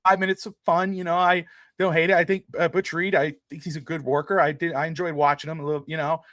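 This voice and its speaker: Casual male podcast co-host, slightly high voice, rambling delivery, close dry mic. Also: flat delivery, fast talker, fairly bright tone, dry recording. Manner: rambling, many "you know" fillers. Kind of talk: casual sports chat.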